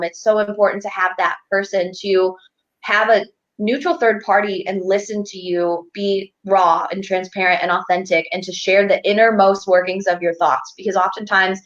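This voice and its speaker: A woman speaking as a guest, a financial advocate and life coach, talking candidly and motivationally over a video call. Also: medium pitch. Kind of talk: casual interview conversation. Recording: dull lo-fi video call audio.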